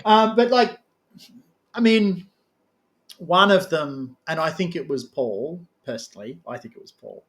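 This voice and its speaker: A man with a voice a little higher than most, chatting easily as an interviewer. He talks in loose, rambling runs and slips in jokes. The tone stays relaxed and conversational. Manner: chatty, animated, quick to joke. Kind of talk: casual conversation.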